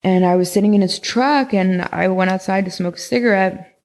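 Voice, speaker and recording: Young woman, creaky voice, rambling casual storyteller full of "like" and swearing. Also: medium pitch, a little fast, darkish tone. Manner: rambling, heavy use of "like", frequent swearing. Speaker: podcast guest recounting experiences.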